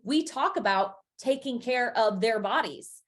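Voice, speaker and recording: A woman's voice: fairly high pitch, expressive, unhurried. A woman fitness and business coach talking casually as a podcast guest, chatty and emphatic with many filler words.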